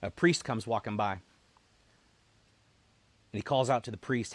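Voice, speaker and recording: A man, a military veteran, telling a personal story in an earnest, halting way, often repeating words as he restarts. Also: fairly low pitch. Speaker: military veteran, founder of a veterans' support group.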